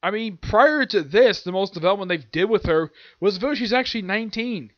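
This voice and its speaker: A man's voice: sits high, expressive, fairly quick, no echo, muffled recording. A man reviewing an anime and manga chapter in a casual, rambling way, stopping to hunt for names and acting out the characters' lines.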